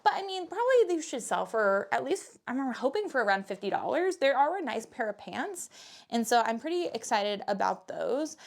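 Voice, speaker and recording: A woman's voice: fairly high pitch, very animated, moderate pace, creaky. A young adult woman, chatting casually and upbeat as she shows off her thrift finds. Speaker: thrift reseller vlogger. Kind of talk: casual vlog chat.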